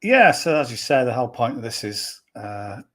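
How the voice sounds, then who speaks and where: A man's voice: mid-range voice, big pitch swings, normal speed, a bit bright. Chatty man talking golf betting. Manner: chatty, rambling with fillers and restarts. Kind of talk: casual podcast chat.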